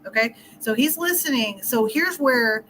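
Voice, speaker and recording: A middle-aged woman talks through relationship advice in a relaxed interview, piling on examples and laughing easily. Her voice is bright and a touch high. A faint hiss of noise sits under the recording. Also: a little slow, rough recording. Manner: chatty, explains with scenarios and laughs often. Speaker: relationship coach. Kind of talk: casual interview talk.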